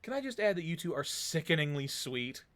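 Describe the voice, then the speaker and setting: A man's voice: on the high side, big pitch swings, a little fast, a bit bright. A man voicing a chatty, caring young woman who is a playful best friend. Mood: teasing. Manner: chirpy, teasing, caring.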